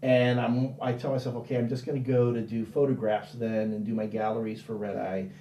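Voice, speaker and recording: A man spins a casual story as a guest, slipping into different voices whenever he quotes someone. His tone is mellow and warm, and he rambles through restarts and fillers. He sounds roomy, picked up from a distant mic. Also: mid-range voice, fairly quick, a little hiss or hum. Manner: animated, acts out dialogue in quoted voices. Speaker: interview guest.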